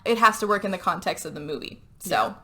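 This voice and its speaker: A young woman co-hosting a podcast, casually recapping a movie in an animated, chatty way full of "like" and "you know". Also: on the low side, fast. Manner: animated retelling full of "like" and "you know", breaking into quoted voices. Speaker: podcast co-host.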